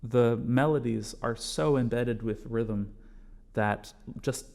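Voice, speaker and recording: A man teaching a bodhrán class, patiently explaining strokes step by step and calling them out loudly as he plays. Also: mid-range voice, slow pace, gravelly. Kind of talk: music lesson, counting along with drumming.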